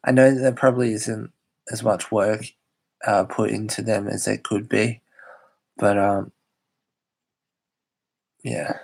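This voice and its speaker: A man's voice: fairly low pitch, flat delivery, slow, vocal fry, long pauses, darkish tone, slightly rough. A young Australian man chatting casually on a live stream, rambling and hesitant with many fillers.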